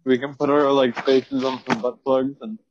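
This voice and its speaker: A teenage boy co-hosting a podcast over a phone call, talking in a deadpan way and throwing in crude jokes. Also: mid-range voice, moderate pace, background noise. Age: teens. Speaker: podcast co-host. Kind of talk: casual chat.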